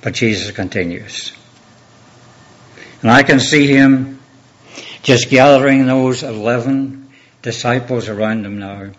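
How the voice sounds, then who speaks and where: A pastor delivers a sermon in a measured, earnest manner, building it on repeated rhetorical questions. His voice is medium-pitched and the recording sounds muffled.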